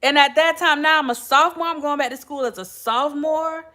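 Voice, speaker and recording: A woman's voice: high voice, brisk, pushed and bright. A middle-aged woman, telling casual stories to her listeners and laughing often as she talks. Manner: chatty, laughing, addresses listeners as y'all. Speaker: podcast host. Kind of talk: casual storytelling to viewers.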